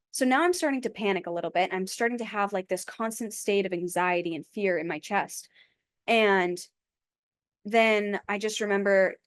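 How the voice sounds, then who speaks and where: A woman's voice: mid-range voice, dry recording, studio quality. A young woman hosting her own podcast, telling a personal story frankly in a casual, chatty way, with lots of "like". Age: young adult. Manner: chatty, heavy use of "like", frank. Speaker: podcast host. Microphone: own mic.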